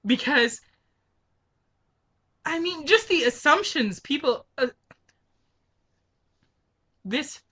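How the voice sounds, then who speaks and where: A woman's voice: high-pitched, expressive, extremely slow, pauses often, bright, forceful tone. A woman venting to camera in a political rant, heated and frustrated, firing off rhetorical questions. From Canada. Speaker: vlogger.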